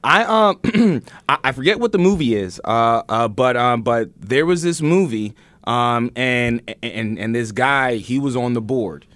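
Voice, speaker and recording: A man's voice: mid-range voice, animated, measured pace, hardly any pauses, a bit bright, no room sound. A man hosting a casual news podcast, chatty and laughing often, with many restarts.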